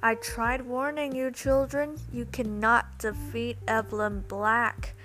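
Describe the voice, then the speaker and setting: A woman's voice: on the high side, little pitch movement, slow pace, a bit bright, faint music behind. Smug evil ghost witch, bragging and haughty, a woman reading her aloud. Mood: gloating. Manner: gloating, haughty. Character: boastful evil female ghost genius witch. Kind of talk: storybook reading.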